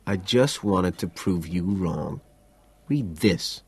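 A man voicing a smug, petty young male Wall Street banker who needles in a low, husky voice. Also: animated, takes it slowly, exaggerated voice. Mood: smug, needling.

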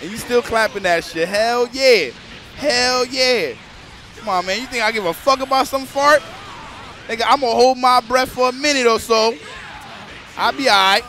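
A man's voice: very high-pitched, moderate pace, sharp tone, a little hiss or hum. A man casually commentating a live stream, joking crudely and talking straight to the chat.

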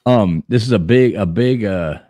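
A man's voice: lowish voice, moderate pace, warm tone, no echo, studio quality. A man hosting a live show, joking loosely, swearing, and moderating callers. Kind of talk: casual chat.

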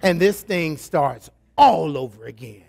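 A male pastor preaching a sermon, reading scripture and turning to playful, animated asides to the congregation. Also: a little high, unhurried, gravelly.

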